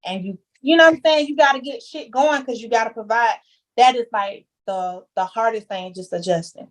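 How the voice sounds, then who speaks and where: Young woman guest on a podcast, kinda high voice, blunt slangy storytelling. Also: a little fast. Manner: candid, emphatic storytelling with slang. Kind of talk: casual chat.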